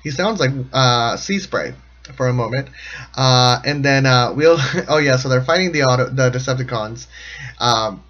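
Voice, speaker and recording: A man's voice: mid-range voice, normal speed, fairly bright tone. Rambling, jokey man, lo-fi sound. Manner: rambling, jokey, often laughing mid-sentence. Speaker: show commentator. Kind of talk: casual comedic commentary.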